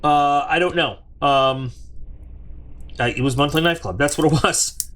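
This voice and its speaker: A man's voice: a little high, a little slow, fairly bright tone, slight background noise. A man hosting a casual unboxing review, rambling and chatty, with plenty of restarts and side remarks, talking straight to his viewers. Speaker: product reviewer and channel host.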